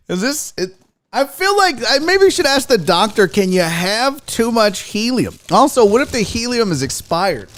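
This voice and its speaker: Helium-high man joking on a livestream. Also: very animated, unhurried, fairly bright tone. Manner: crude, joking banter with chat. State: voice altered by inhaled helium. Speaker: sports talk show host. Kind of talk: casual livestream chat.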